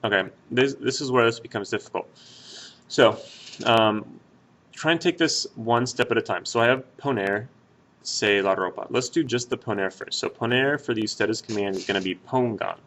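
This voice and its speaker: A man's voice: mid-range voice, normal speed, fairly bright tone. A man teaching Spanish grammar, explaining step by step in a patient, casual way with frequent fillers and restarts.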